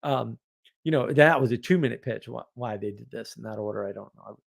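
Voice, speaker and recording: A man casually telling a story from his week, animated, laughing often and restarting his sentences. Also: medium pitch, brisk, creaky. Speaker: podcast host.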